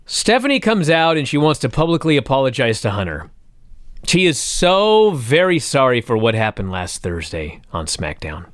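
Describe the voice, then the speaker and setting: A man co-hosting a casual chat show, retelling events with excitable, profane storytelling. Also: medium pitch, moderate pace, no echo, studio quality. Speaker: podcast co-host recapping wrestling.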